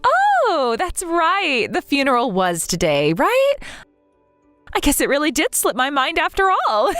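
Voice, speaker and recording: A woman's voice: high-pitched, sing-song, fairly quick, few pauses, a bit bright, no room sound, faint music behind, voice pushed up. A woman playing a sneering rich sister-in-law. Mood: mocking. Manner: sneering, sing-song taunting. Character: snobbish wealthy sister-in-law, mocking and cruel. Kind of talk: text-story voice acting.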